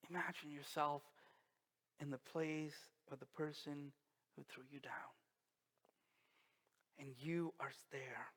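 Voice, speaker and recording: A male pastor preaching a sermon, slow and emphatic, with dramatic pauses and quiet drops. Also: on the high side, fairly even intonation. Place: church sanctuary. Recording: long reverb of a church hall.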